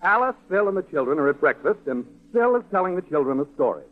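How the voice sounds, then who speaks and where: A man announcing scene changes in a formal, crisp style for a 1940s radio program. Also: on the high side, sing-song, quick pace. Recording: tinny old radio broadcast with music.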